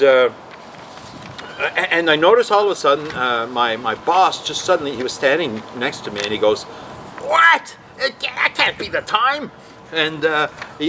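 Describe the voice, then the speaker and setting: A vlog host with a medium-pitched voice tells rambling anecdotes in a casual, animated way, often putting on voices to quote others. The audio is poor, with a little hiss or hum.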